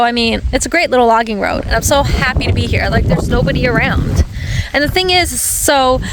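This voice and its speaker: A woman's voice: fairly high pitch, background noise. A woman telling a casual, rambling story for her vlog, full of fillers and self-corrections, recorded by a dirt road. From Newfoundland. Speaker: vlogger. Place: parked car by a dirt logging road, outdoors.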